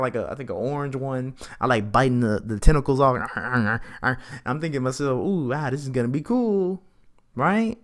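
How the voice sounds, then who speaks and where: A young man hosting a podcast, telling a rambling, chatty story and acting out both sides of the conversations in a raised voice. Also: a little high. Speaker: podcast host. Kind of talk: casual storytelling.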